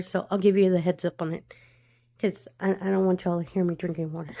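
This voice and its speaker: Stuffy-nosed lady chatting away on her craft channel, giggly, middle pitch. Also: a little mellow. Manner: chatty, giggles often between remarks. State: congested from a cold. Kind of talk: casual unboxing vlog.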